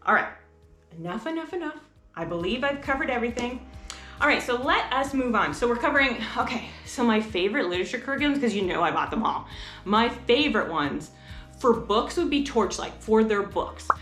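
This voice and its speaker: Chatty higher-voiced woman in an echoey room. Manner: chatty, rambling, animated asides. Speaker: homeschool vlogger. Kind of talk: casual talk to camera.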